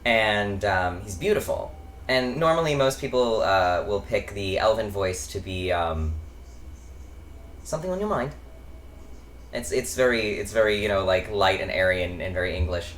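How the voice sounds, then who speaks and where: Rambling young man, low voice. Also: moderate pace, fairly bright tone, a little hiss or hum. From United States. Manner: rambling, chatty, frequent ums and tangents. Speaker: host. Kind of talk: casual chat vlog. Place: his bedroom.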